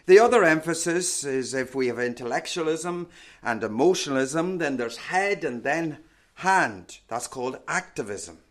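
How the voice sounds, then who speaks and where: A man preaching a sermon in a measured, emphatic teaching manner, often asking rhetorical questions. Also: on the high side, lively intonation.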